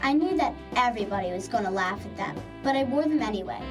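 A woman reading a simple personal story aloud in a lively way, like a school essay. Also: mid-range voice, quick pace. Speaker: narrator. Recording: distant mic under loud music.

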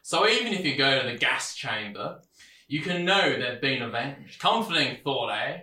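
A man's voice: medium pitch, very animated, normal speed, bright, forceful tone, reverberant. A man playing a smug folksy sheriff. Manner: patronizing, sing-song, tags lines with "eh?" and "lad". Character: smug, folksy small-town male sheriff. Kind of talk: audio drama acting.

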